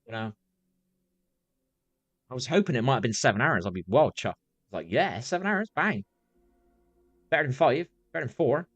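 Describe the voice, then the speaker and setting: A man's voice: medium pitch, expressive, fairly quick, long pauses, husky, no echo, lo-fi sound. A man chatting casually on a live stream, rambling, swearing freely and repeating himself as he reacts to chat.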